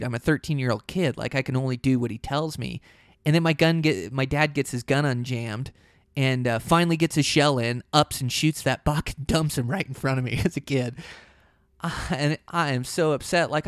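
A man telling a hunting story in a casual, rambling way, often saying "you know" and "like", and getting animated when the action picks up. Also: a little high, no echo, studio quality.

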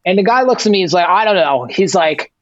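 Animated man telling road stories. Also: sits high, fast, dry recording, dull audio. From Persian heritage. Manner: animated, swears freely, heavy "like" filler, acts out dialogue. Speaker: tour manager guest. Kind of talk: casual storytelling interview.

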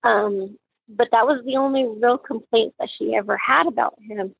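A woman, a mother, recounting a personal tragedy in halting, emotional speech with many fillers and restarts. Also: fairly high pitch, creaky, narrow, tinny audio, a little hiss or hum. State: tearful, emotional. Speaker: mother of a crime victim.

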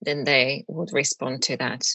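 Woman podcast host, low voice but bright and sharp, chatty questions. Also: fairly even intonation, a little slow, husky, no room sound, poor audio. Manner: conversational, asks leading questions. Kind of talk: podcast interview.

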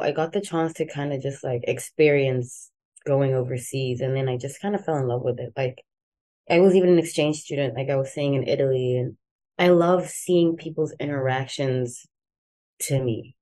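A young woman from South Africa with a softened South African accent, chatting casually as an interview guest, rambling with many fillers. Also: very deep voice, moderate pace. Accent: South African, softened toward American. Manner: relaxed, rambling, many "like" fillers, laughs easily. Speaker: guest, musician.

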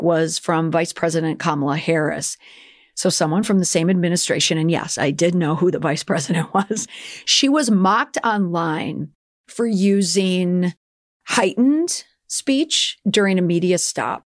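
A woman hosts a public relations podcast in a chatty, opinionated way and now and then tosses in playful mock accents. Her voice sits slightly low, and it is recorded close and dry with no room sound. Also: no echo. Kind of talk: casual commentary.

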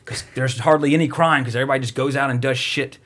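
Man, middle-pitched, loose and profane; rambles and mocks while retelling a film plot. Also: steady tone, fast, fairly bright tone. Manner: rambling, profane, mocking storyteller. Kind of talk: casual movie recap chat.

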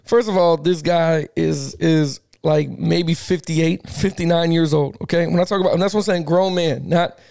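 Man, high voice, gravelly, middle-aged, animated storyteller, slangy, casual podcast co-host. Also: normal speed, few pauses, no echo, clean studio sound. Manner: animated, fired-up storyteller who laughs often; slangy, repeats himself. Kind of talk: casual sports podcast chat.

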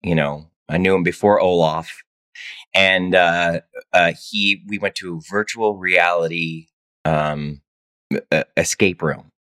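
A man's voice: low-pitched, fairly even intonation, takes it slowly, fairly bright tone, dry recording. A man chatting as a guest co-host on a podcast, telling a story with plenty of ums and uhs. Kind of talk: casual podcast chat.

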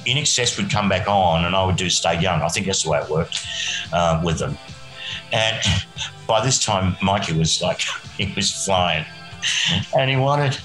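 A man's voice: lowish voice, a bit bright, roomy sound, poor audio. An Australian man, a musician guest, rambling through a story and chuckling often. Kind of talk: casual anecdote telling.

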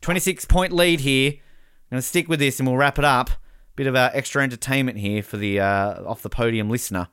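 Aussie guy hosting a sports pod, bright punchy voice, dry mic, gets worked up calling the game. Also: mid-range voice, brisk, clear, resonant tone, dry recording. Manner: excitable live commentary, jokey. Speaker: podcast host. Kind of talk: casual sports chat.

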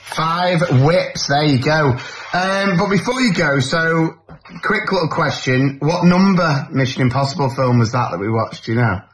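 A man's voice: on the high side, moderate pace. A man hosting a podcast, playfully quizzing his guest in casual talk. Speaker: podcast host. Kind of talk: casual interview. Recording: echoey room with faint noise.

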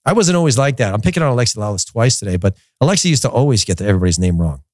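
A man's voice: mid-range voice, expressive, very fast, no room sound, clean studio sound. A man from the United States hosting a soccer podcast, talking casually with opinions and frequent restarts. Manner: rambling, opinionated, repeats words while thinking.

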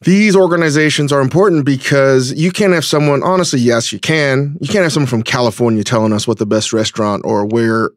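A man's voice: medium pitch, a little fast, hardly any pauses, dry recording, studio quality. A man hosting a podcast interview, talking in a loose, conversational way and thinking aloud with restarts. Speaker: podcast host. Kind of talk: casual interview chat.

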